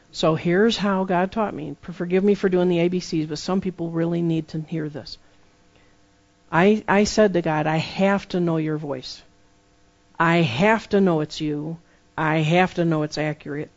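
A preacher giving a sermon full of personal testimony, telling the stories lively and acting out the dialogue. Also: mid-range voice, dull audio. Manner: lively storytelling that acts out dialogue.

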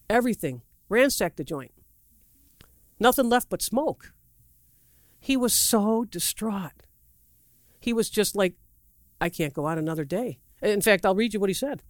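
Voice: medium pitch, no room sound, studio quality. A preacher giving a sermon in a loose, rambling way, acting out quotes with big swings in the voice and asking the audience questions. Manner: asks the audience questions directly; loose, rambling delivery with restarts and asides.

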